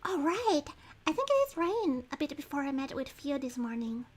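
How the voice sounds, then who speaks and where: Chatty high-voiced woman streaming a game. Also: normal speed. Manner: chatty, rambling, apologetic, excitable. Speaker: streamer playing a detective game. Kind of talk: casual livestream chat.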